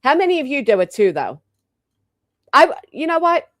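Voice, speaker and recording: A woman's voice: sits high, very animated, normal speed, no room sound. Blunt joking woman host, dry close sound. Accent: local regional American, drops final g. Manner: blunt, joking, swears freely. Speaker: livestream host. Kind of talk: casual live chat with viewers.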